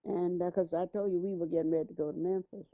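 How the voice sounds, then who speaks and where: A woman's voice: lowish voice, fairly even intonation, fast talker. An older woman recalling past events in an interview, telling her story unhurriedly with small hesitations and restarts. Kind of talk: spoken recollection. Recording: tinny, dry archival phone-like recording.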